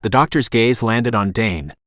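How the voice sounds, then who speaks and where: Lively synthetic male audiobook narrator. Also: mid-range voice, measured pace, no echo, clean studio sound. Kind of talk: scripted narration.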